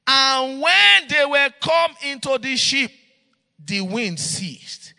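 A male pastor preaching and leading fervent prayer, often shouting and repeating each line. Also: very high-pitched, very animated, takes it slowly, gravelly, long reverb tail.

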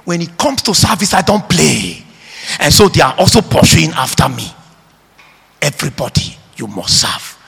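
A man delivers a sermon in a high, husky voice that leaps wildly in pitch. He drives each phrase slowly, shouting some lines and dropping to a hush on others, and calls on the congregation to answer him. His voice rings out with a long reverb from the hall. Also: very animated. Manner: emphatic, swings between shouting and hushed tones. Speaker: preacher.

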